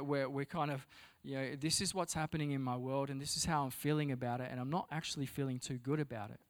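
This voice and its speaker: A man, a pastor, preaching to a congregation. He often repeats words as he searches for the next thought, then rises to loud, emphatic passages. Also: a little high. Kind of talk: sermon. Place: church hall before a congregation.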